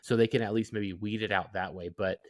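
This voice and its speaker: A man co-hosting a golf podcast, chatting casually and starting his sentences haltingly. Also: on the low side, steady tone. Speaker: podcast co-host. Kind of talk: casual chat.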